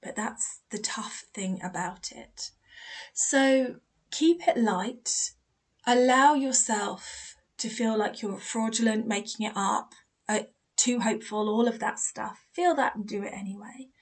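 A woman's voice: medium pitch, unhurried. A woman hosting a spiritual advice podcast as a medium, chatty and encouraging, acting out quoted dialogue in her stories.

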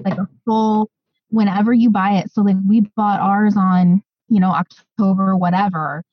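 A woman co-hosting a podcast, chatting casually and excitedly with lots of fillers. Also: mid-range voice, slightly rough, dry recording, highs cut off. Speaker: podcast co-host. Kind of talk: casual chat.

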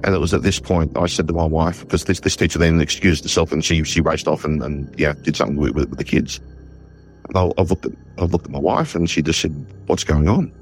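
An Australian man, a war historian, telling a story in an interview with lively retold dialogue and frequent restarts. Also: very deep voice, brisk, soft background music. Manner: animated, retells conversations in quoted dialogue, frequent restarts.

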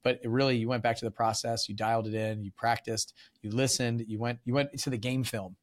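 A man's voice: mid-range voice, fairly even intonation, fast talker. A man hosting a podcast interview, talking casually with lots of fillers and restarts. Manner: rambling with many fillers and restarts. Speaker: podcast host.

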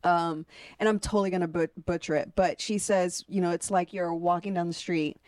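A woman's voice: fairly low pitch, steady tone, a little fast, darkish tone, dry recording, clean studio sound. A woman guest on a podcast, an energy coach, talking in a frank, casual way with plenty of swearing and restarted phrases.

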